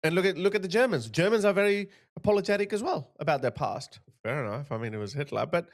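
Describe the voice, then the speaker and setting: A man's voice: fairly high pitch, expressive, quick pace. A man in his thirties hosting a reaction commentary, talking in a mocking way and putting on the voices of the people he describes. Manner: mocking, puts on voices of others. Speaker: commentary host.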